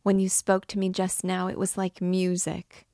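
A woman's voice: fairly low pitch, completely flat delivery, normal speed, mellow, no room sound, clean studio sound, close to an everyday voice. A woman doing a half-mad, doting older mother. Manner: tender, gushing, rising to frantic. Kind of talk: dramatic reading of a novel.

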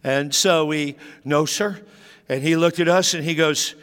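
A man's voice: fairly even intonation, unhurried, a bit bright, clean tone. A pastor telling a personal childhood story in his sermon, acting out the dialogue. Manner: storytelling, acts out dialogue with raised pitch. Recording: long hall reverb.

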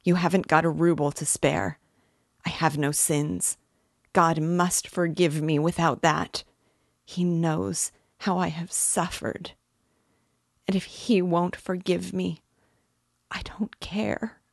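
A woman voicing a proud, desperate dying mother who rambles in delirium with a hoarse, gasping voice, her cries rising. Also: fairly low pitch, little pitch movement, takes it slowly, no echo, studio quality, heavily acted. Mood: feverish. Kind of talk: audiobook character reading.

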